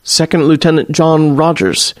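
A man's voice: on the high side, steady tone, normal speed, close to an everyday voice. A man voicing a formal, old-fashioned male naval warlock officer who speaks in archaic phrasing. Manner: archaic, stiffly formal speech.

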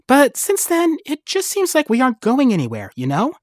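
A woman's voice: high-pitched, wildly swooping pitch, moderate pace, darkish tone, no room sound, studio quality, pitched above the performer's own voice. A woman voicing a flighty, restless young woman who talks in a gushing, apologetic way.

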